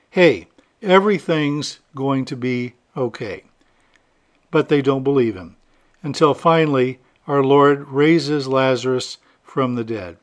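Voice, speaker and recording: A priest with a medium-pitched voice reads the gospel aloud, then preaches a homily that is relaxed and chatty, sprinkled with light humor.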